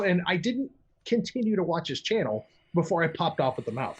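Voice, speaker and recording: A husky man with a fairly high voice rattles through casual podcast chat. He is blunt and foul-mouthed, and he keeps breaking into quoted voices that leap up in pitch. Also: expressive, fast talker. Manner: acts out quoted voices with big pitch jumps.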